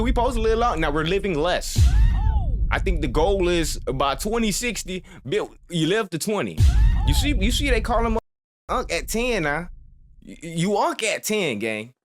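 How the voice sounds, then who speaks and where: A man hosting a reaction video, ranting casually and calling his listener "gang" and "boy" again and again. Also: sits high. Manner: animated, mock-scolding.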